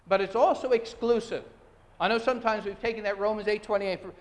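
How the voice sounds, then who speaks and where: A man with a high voice preaches a sermon in a church sanctuary, earnest and emphatic, often restarting his sentences. Long reverb from the hall trails his words. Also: steady tone, brisk. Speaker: pastor.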